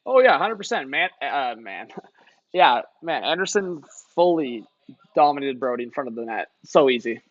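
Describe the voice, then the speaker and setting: A man's voice: medium pitch, very animated, normal speed, no echo, muffled recording. A young man doing casual live-stream hockey commentary, chatting loosely and answering his viewers. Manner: chatty, reads and answers chat, lots of "like" and "man".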